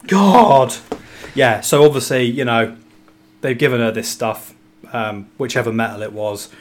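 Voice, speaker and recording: A man with a mid-pitched voice riffs loosely on a book in casual podcast talk. He swears freely and wanders into joking asides, keeping the tone loose and irreverent. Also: unhurried, a little hiss or hum. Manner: sweary, rambling, jokey asides. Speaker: podcast co-host discussing a novel. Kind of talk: casual book-club chat.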